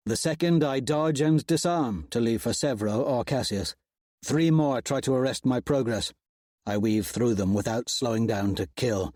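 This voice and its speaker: A man reads an audiobook aloud in a measured, dramatic storytelling manner. His voice sits at an ordinary middle pitch. The recording is dry and close, with no room echo. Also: a little mellow. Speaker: audiobook narrator. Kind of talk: scripted audiobook narration.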